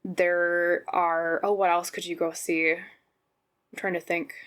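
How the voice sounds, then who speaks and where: A woman's voice: on the low side, little pitch movement, takes it slowly, fairly bright tone, smooth. Chatty Minnesotan woman reading tarot. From Minnesota, United States. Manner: chatty, rambling, often checks in with "okay?" and "right?". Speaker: tarot reader, channel host. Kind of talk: casual pick-a-card tarot reading.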